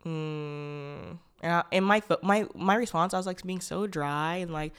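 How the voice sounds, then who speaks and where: A woman's voice: on the low side, a little slow, a bit bright, smooth. A young woman hosting a podcast, telling a personal story in a rambling, candid way, full of "like" fillers, restarts and blunt swearing. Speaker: podcast host.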